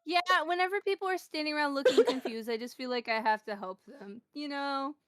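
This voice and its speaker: A woman's voice: fairly quick, dry recording. Young woman with dry, wry asides. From United States. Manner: relaxed, wry storyteller who drops to low, soft asides. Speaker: guest. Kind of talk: casual chat.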